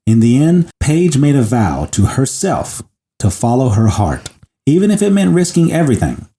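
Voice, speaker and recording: Dark-voiced man, dramatic podcast storyteller. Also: medium pitch, wildly swooping pitch, moderate pace. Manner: joking, dramatic when reading. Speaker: podcast host. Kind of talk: casual chat and story reading.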